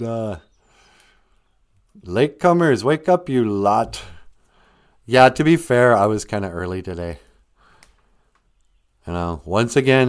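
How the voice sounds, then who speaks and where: A man's voice: medium pitch, a little mellow. A man hosting a casual live stream, joking around and reading chat messages aloud. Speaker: host of a language live stream.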